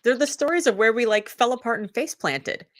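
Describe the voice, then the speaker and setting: A woman's voice: on the high side, a little fast. Middle-aged woman guest chatting away, acts out quotes, lots of likes. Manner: animated storytelling, acts out quotes. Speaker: author and guest. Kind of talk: casual interview chat.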